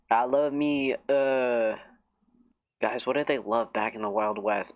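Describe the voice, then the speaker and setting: A man's voice: medium pitch, slow, highs cut off. A man hosting a casual live stream, rambling in a giggly, self-mocking way.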